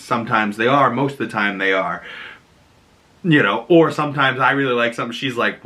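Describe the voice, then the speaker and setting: A young man reviews a movie in a loose, rambling, chatty way and laughs at his own tangents. His voice is bright and forward. He fills the talk with lots of "you know" and "like". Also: mid-range voice, lively intonation, brisk.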